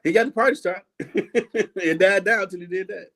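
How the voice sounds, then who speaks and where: A man's voice: sits high, normal speed. A man, telling childhood stories as host in casual chat and acting out the voices of the people in them. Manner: animated, laughing, acts out quoted voices.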